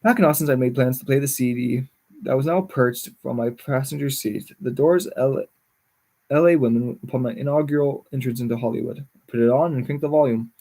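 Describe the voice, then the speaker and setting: Male reader, husky, mid-pitch; reads a memoir aloud and corrects his slips. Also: a little fast, dark tone. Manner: stumbles and corrects words as he reads. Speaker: livestreamer reading a book.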